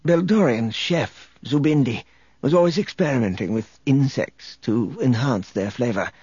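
A man voicing a weary, remorseful older man who speaks in a hushed, confessional way. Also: mid-range voice, expressive, normal speed, breathy edge, no room sound, lo-fi sound. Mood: explaining. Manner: hushed, confessional, sinking to a whisper.

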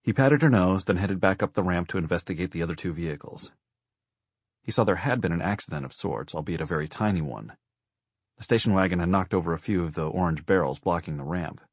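Deep husky male audiobook narrator. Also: lively intonation, fast talker, no room sound.

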